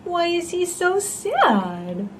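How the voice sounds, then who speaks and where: A woman's voice: very high-pitched, very animated, very slow, fairly bright tone, a little hiss or hum. A woman reading a picture book aloud to small children, with gasps, an exaggerated delivery and coaxing questions to the child. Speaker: storyteller for babies and toddlers.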